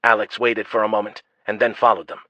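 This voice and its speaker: A man narrating a fantasy audiobook in a steady, even storytelling manner. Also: fairly low pitch, fast talker, dry recording. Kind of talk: scripted narration. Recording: dull lo-fi dry audio.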